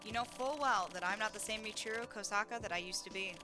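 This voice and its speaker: A woman voicing a scheming male syndicate man in a game, reading his lines in a calm, measured way, close to her own voice. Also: mid-range voice, over music, lightly acted. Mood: cool.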